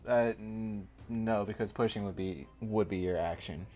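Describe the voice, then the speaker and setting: Game master, man, low voice, casual combat narration, faint music behind. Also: measured pace, darkish tone. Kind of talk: narrating a tabletop game live stream.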